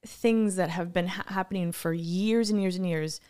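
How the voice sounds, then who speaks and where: A woman's voice: on the low side, steady tone, normal speed, warm tone, clean tone. A woman chatting casually as a podcast co-host, rambling with many fillers, restarts and casual swearing. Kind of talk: casual chat.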